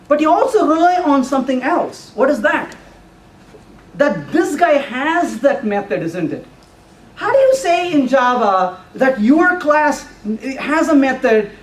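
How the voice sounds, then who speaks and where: Playful man lecturing in a roomy hall. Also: extremely high pitch. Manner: playful, teasing the audience with questions. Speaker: conference speaker. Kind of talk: live technical talk. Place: meeting room before an audience. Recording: roomy, distant, faint room noise.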